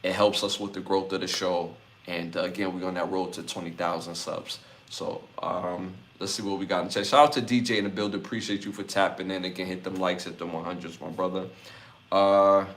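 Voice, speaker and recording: A man's voice: low voice, steady tone, normal speed. A man from Brooklyn, hosting a live podcast, reading out chat comments and repeating his lists. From Brooklyn, New York. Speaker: podcast host.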